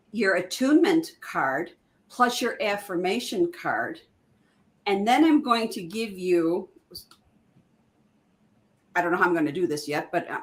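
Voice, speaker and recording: A woman who is a guest in a casual chat, explaining her ideas with enthusiasm. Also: on the low side. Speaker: guest, oracle card creator.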